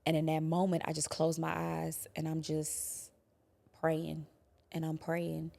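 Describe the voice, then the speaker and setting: A young adult woman quietly recounting a painful personal experience, halting and sometimes dropping to a whisper. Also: low-pitched, monotone, gravelly. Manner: quiet, halting, drops to a whisper at hard moments. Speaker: guest telling her story. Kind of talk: personal testimony.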